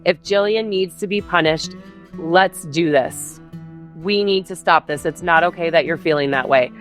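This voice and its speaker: A middle-aged woman speaks in a somewhat low voice, retelling a hard stretch of her life for a podcast. She voices both sides of the arguments with intensity. A faint music bed plays beneath her. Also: moderate pace. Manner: intense, retelling heated quarrels with quoted dialogue. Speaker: guest telling her story. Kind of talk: podcast interview storytelling.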